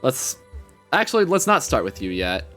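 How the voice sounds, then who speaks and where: A man's voice: mid-range voice, very animated, normal speed, sharp tone, faint music behind. Wry casual male game master. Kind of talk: running a tabletop game.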